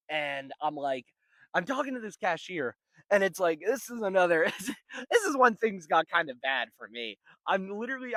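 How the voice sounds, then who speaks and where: A man's voice: a little high, bright, forceful tone, no echo. A young man telling a rambling, profane story in a casual vlog. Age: young adult. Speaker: vlogger.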